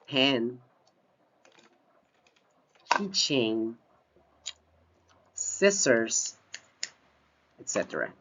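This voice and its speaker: A male English teacher walks through a slide lesson at an unhurried, deliberate pace. His pitch rises and falls a lot as he repeats key phrases for emphasis. The recording sounds dull and lo-fi. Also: fairly bright tone. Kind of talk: slide-based grammar lesson.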